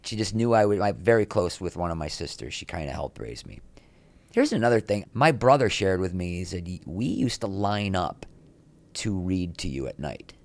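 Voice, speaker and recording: Man, middle-aged, interview guest, low voice, self-deprecating, rambling anecdotes, dry room. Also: moderate pace, gravelly, dry recording. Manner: rambling, self-deprecating, animated when quoting others. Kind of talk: candid storytelling interview.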